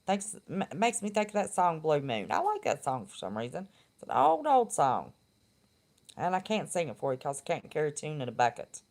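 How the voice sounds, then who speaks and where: A woman's voice: low voice, very animated, fairly quick, a little mellow. A middle-aged woman, chatting casually and bluntly on her live stream and laughing often. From West Virginia.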